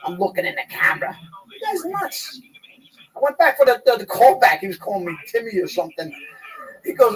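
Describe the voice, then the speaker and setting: A middle-aged man telling loud, profane anecdotes in casual chat, acting out the people in his stories. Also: high voice, brisk, breathy edge, rough recording. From New York. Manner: animated, swearing, acts out people in stories. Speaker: guest storyteller.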